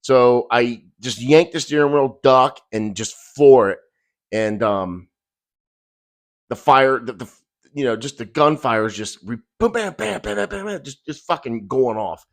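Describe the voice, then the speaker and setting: Middle-aged guy ranting about a scary night, swears a lot, mid pitch voice, fired up. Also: unhurried. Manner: profane, agitated, intense retelling. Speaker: rideshare driver. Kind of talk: emotional first-person storytelling.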